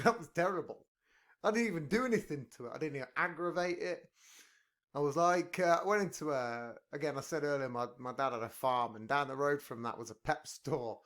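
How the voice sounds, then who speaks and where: A man hosting a podcast tells stories in casual chat and laughs at his own jokes. His voice is on the high side with a fairly bright tone, and he has headphones on.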